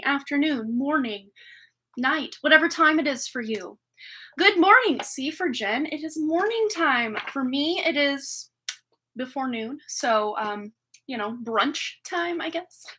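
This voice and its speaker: A woman tarot reader chats to her live viewers from a table at home. Her voice is bright and sits a little high. She rambles quickly and laughs often. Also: slight background noise. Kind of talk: chatty live-stream talk to viewers. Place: home room with a reading table.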